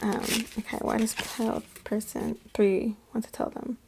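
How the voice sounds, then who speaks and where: A woman's voice: on the high side, little pitch movement, normal speed, gravelly, heavy background noise. A woman doing a casual tarot reading, chatting straight to her viewers and calling them her loves. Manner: chatty, addresses viewers as "my loves" and "you guys". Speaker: tarot reader.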